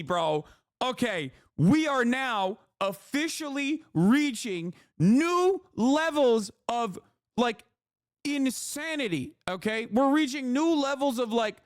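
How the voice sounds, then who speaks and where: A man's voice: very high voice, no room sound, clean studio sound. A man in his thirties, a streamer giving casual, profane, exasperated commentary on news.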